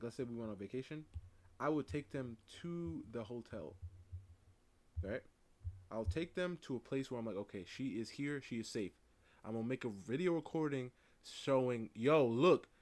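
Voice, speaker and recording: A man giving casual, animated commentary while reacting to a true-crime video, often repeating "listen" and "right?". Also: lowish voice.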